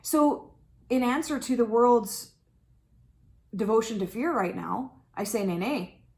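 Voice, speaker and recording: Frank, animated woman tarot host. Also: on the high side, slow pace, vocal fry. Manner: frank, swearing, animated, acts out inner voices. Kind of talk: casual spiritual talk to camera.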